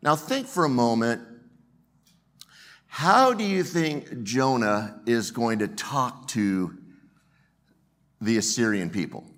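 A man's voice: mid-range voice, lively intonation, slow, long pauses, fairly bright tone. A man preaching a sermon as pastor, earnest and storytelling, often repeating the first word of a phrase.

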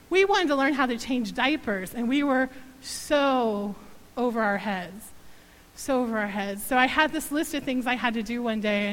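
A high-voiced woman in her thirties shares a heartfelt testimony from a church stage. Her sound carries a long reverberant ring through the hall, and she tells her story with animated warmth of feeling. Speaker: mother giving a testimony. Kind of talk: emotional sermon testimony.

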